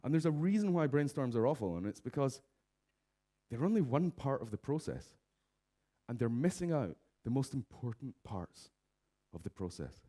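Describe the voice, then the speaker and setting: A man giving a comic conference keynote, lively, slipping into raised voices to mimic office characters. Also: mid-range voice, normal speed. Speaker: conference speaker. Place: conference stage.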